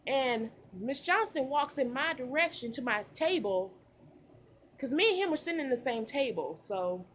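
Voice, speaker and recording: A young woman vlogger recording outdoors, telling a casual storytime with animated delivery and slang. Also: sits high, normal speed, dull audio, a little hiss or hum. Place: outdoors in humid heat.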